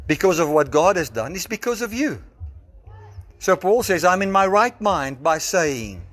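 A South African man preaching a sermon, reasoning step by step and slowing down to stress scripture, recorded on a phone in a church. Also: a little high, a bit bright.

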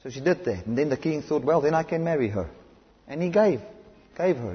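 A man with a South African accent preaching a sermon, impassioned and swinging between loud emphasis and hushed lines. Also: a little high, animated, brisk. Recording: dull lo-fi recording in a reverberant hall.

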